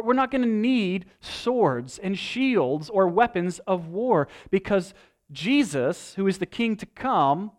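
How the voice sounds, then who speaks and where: A pastor with a high voice delivers a sermon, retelling a scripture story with animated storytelling that climbs to emphatic peaks.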